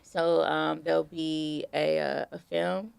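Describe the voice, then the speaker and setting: A woman guest in a casual interview, telling relaxed stories full of fillers. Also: low voice, slow pace, vocal fry, clear, resonant tone, dry recording. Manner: relaxed storytelling with many fillers.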